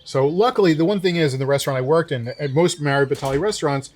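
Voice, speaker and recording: Animated young man telling a story. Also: a little high, quick pace. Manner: animated storyteller acting out quotes. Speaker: co-host. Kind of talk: casual storytelling chat. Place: winery.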